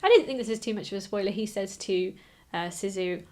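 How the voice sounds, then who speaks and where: A woman co-hosts a casual podcast, her voice sitting at a middle pitch for a woman. She talks eagerly and loosely, stacking fillers and restarts as she goes. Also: brisk, darkish tone. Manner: chatty and enthusiastic, many fillers and restarts. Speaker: podcast co-host. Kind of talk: casual film discussion.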